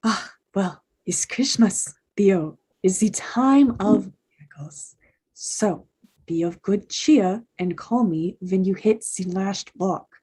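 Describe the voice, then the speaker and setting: A woman's voice: mid-range voice, slow, warm tone, breathy edge. A woman playing a flustered, babbling villain. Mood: scheming. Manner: hesitant, babbling, stammering. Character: flustered villain man smitten with the hero. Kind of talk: comedic staged play reading.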